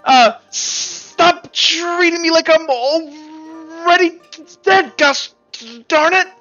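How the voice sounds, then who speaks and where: A woman voicing a frail, sickly young man who is touchy and proud, shouting in breathless outbursts. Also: very high voice, expressive, slow, dull audio, soft background music, pitched above the performer's own voice, heavily acted. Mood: angry shouting.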